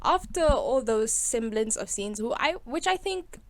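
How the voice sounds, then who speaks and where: A woman's voice: a little high, lively intonation, a little slow. Sarcastic young woman reviewing a movie. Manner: sarcastic, chatty, laughs often. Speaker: video host reviewing a film. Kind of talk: casual commentary.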